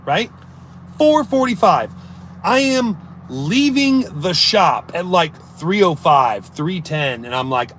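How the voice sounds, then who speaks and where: A man's voice: fairly high pitch, a bit bright, slight background noise. A man telling a long story on a casual live stream, acting out his own thoughts as he rambles through it. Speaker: livestreamer reading chat.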